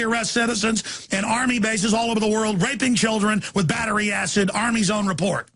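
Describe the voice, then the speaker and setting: A man delivering an angry political rant as a talk show host, repeating himself and breaking into shouts. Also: high-pitched, lively intonation, brisk, hardly any pauses, slight background noise. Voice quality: gravelly, raspy.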